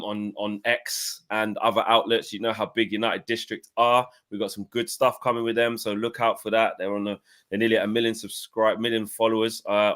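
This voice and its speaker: A man hosts a relaxed football discussion show. His voice is bright and upbeat. He talks in a loose, chatty way, full of fillers and restarts. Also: lowish voice. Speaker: host. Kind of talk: casual football podcast chat.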